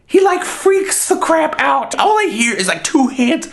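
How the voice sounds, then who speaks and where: A man telling a funny story in an excitable, animated way. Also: extremely high pitch, unhurried, noisy background. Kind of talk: comedic storytelling.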